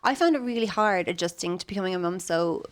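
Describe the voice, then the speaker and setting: A woman's voice: on the low side, quick pace. An Irish woman in her thirties, a comedian guest, chatting casually and telling stories animatedly. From Ireland. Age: 30s. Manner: animated storytelling, acts out voices. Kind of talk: casual podcast chat.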